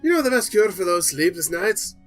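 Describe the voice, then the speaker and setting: A man's voice: sing-song, brisk, fairly bright tone, faint music behind. A man voicing a jovial, boisterous old barkeep with a put-on accent, reading game dialogue aloud. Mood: hearty. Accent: put-on British Isles accent. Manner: booming, theatrical.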